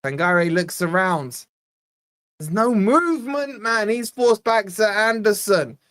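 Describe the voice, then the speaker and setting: A young Scottish man hosts a live fan watch-along for his channel, giving exasperated, chatty play-by-play and reading out viewer shout-outs. His voice is high-pitched and animated, though his pace is slow.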